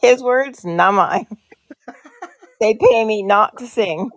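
A woman's voice: medium pitch, slow pace, no echo. Laughing older Canadian woman, dry sound. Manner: laughs at herself while telling stories. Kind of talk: casual podcast chat.

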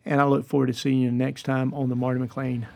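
A man's voice: medium pitch, flat delivery, a little fast, creaky. A man, hosting a devotional podcast and telling a story in an earnest, encouraging way. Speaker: podcast host.

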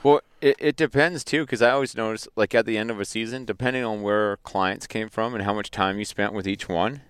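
A man with a Canadian accent, a hunting guide, chatting in a relaxed, joking way outdoors near an airstrip. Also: on the low side, brisk, clear, resonant tone, no echo. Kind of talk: casual chat.

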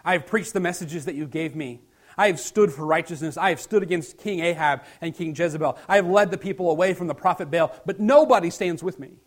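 A male preacher voicing a weary male prophet, pleading loudly in a rising complaint. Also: a little high, a little fast, lightly acted.

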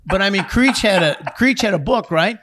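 A man's voice: high voice, animated, moderate pace, very noisy. A man in casual chat, joking and teasing his friends. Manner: jokey, teasing.

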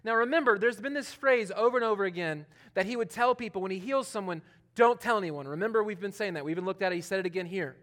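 A man preaching a conversational sermon, talking informally with many fillers and swinging between loud emphasis and hushed asides. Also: high-pitched, fast, few pauses. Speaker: pastor.

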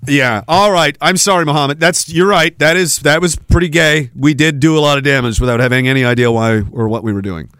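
A man's voice: fairly high pitch, steady tone, a little fast, few pauses, a bit bright, clear, resonant tone, no room sound. A man hosting a casual live-stream podcast, rambling and joking as he reads viewer messages, laughing often.

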